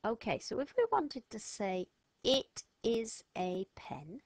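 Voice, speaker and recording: A woman's voice: mid-range voice, animated, slow, gravelly, no echo. A woman giving a step-by-step French lesson to children, patiently sounding out letters and words. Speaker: French teacher. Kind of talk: slow step-by-step lesson narration.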